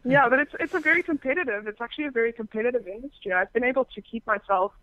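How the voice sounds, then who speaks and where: A woman's voice: a little high, racing. Woman talking over a thin phone-like line. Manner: lively storyteller who acts out quoted callers, with many fillers and restarts. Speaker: podcaster and phone sex operator, guest. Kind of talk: casual interview chat. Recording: thin, dry phone-like sound.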